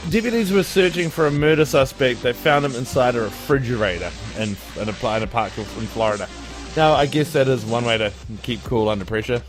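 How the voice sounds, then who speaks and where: A man's voice: medium pitch, brisk, soft background music. A man hosting a casual podcast, reading odd news headlines and laughing at his own bad dad jokes. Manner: jokey, tells groan-worthy dad jokes and laughs at them. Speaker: podcast host. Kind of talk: casual comedy podcast chat.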